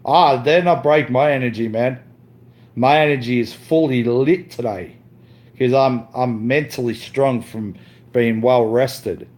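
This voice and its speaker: A man vents on his live stream in a slow, deliberate drawl. His trash talk is crude and boastful, loops back on itself and is peppered with "mate". He often stumbles and restarts his sentences. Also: mid-range voice, a little mellow. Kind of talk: ranting live stream monologue.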